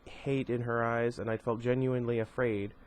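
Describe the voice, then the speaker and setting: A man reading a first-person novel aloud, steady but with occasional stumbles and asides. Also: medium pitch, normal speed. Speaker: amateur audiobook reader.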